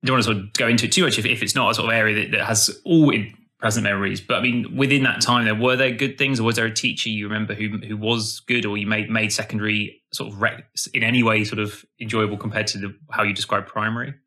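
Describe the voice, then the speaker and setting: A man hosts an interview podcast, his tone bright and forward. He talks quickly and asks tentative, rambling questions that circle before they land. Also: fairly low pitch, fairly even intonation. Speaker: podcast host.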